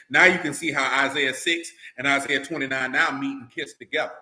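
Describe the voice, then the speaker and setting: A man's voice: a little high, fairly quick, few pauses, sharp tone, reverberant. A man preaching a sermon in a blunt, colloquial way, full of rhetorical questions.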